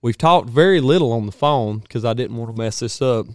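A man, hosting a podcast in a home studio and chatting in an excitable, rambling way. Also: mid-range voice, fairly quick, no room sound. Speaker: podcast host. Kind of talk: casual chat.

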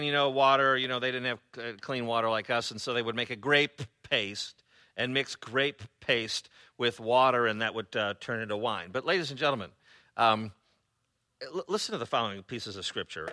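A man preaching a sermon as pastor, conversational and sarcastic, often pausing on fillers. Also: medium pitch, pushed and bright.

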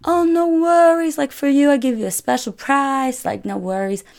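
Woman doing a high, loud, sweet-talking young restaurant host man, pushy and flattering. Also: moderate pace, creaky. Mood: coaxing. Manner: coaxing, overly generous sales patter.

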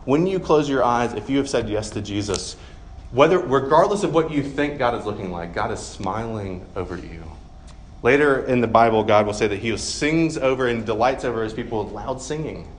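A man in his thirties delivering a sermon in a loose, chatty way, cracking self-deprecating jokes and filling gaps with ums. His voice sits at an ordinary middle pitch. Faint noise hangs behind him. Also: expressive, normal speed. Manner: conversational, self-deprecating humor with frequent fillers. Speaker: pastor.

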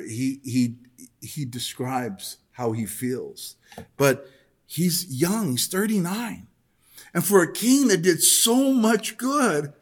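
A male preacher with a somewhat high voice gives a sermon. He talks in a relaxed, conversational way, then reads scripture aloud with growing intensity.

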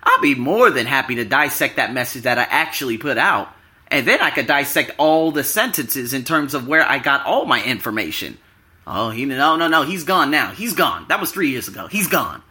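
A man's voice: mid-range voice, very animated, normal speed, sharp tone. A man in a casual vlog monologue, talking emphatically and straight to his viewers. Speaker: YouTuber and podcaster.

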